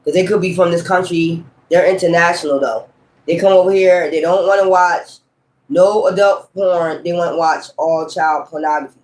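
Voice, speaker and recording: Guy w/ a high voice doing a tarot reading, cussing and rambling, roomy echo. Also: steady tone, normal speed. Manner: blunt, profane, rambling. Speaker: tarot reader. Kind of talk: casual tarot reading monologue.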